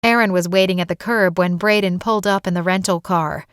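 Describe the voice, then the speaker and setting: A woman author narrating her own romance novel as an audiobook, telling it in an even, gentle way. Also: on the low side, brisk, clear, resonant tone, no echo, studio quality.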